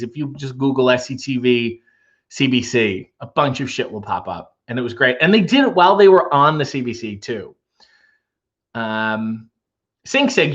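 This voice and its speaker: A man's voice: mid-range voice, fairly bright tone, dull audio. A Canadian man hosting a livestream from home, reading viewer comments with dry, joking asides. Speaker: livestream host. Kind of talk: casual chat reading comments.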